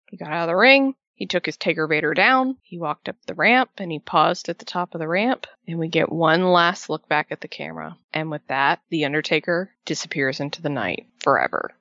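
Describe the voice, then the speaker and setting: A woman chatting casually as a wrestling podcast co-host, emotional and animated, with a swear here and there. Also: on the low side, no room sound. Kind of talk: casual fan chat. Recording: dull lo-fi sound.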